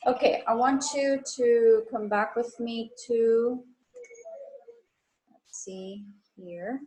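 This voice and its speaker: Slow careful woman teacher w/ guatemalan spanish accent, repeats words to show stress, online lesson. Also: fairly high pitch, fairly even intonation, darkish tone, rough recording. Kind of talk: recorded online spelling lesson.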